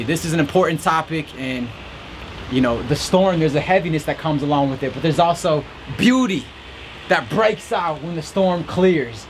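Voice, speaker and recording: Upbeat preachy man, high voice. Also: lively intonation, normal speed, a little hiss or hum. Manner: preachy and upbeat, with a mock reporter voice at times. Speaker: podcast host. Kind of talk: motivational faith talk. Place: outdoors in a storm. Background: rain and faint music.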